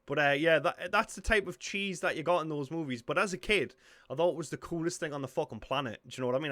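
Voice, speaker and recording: A young man with a Geordie accent, reacting to a film with excitable, sweary commentary. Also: a little high, quick pace, no room sound. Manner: excitable, sweary, blurts out shock. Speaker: reaction video host.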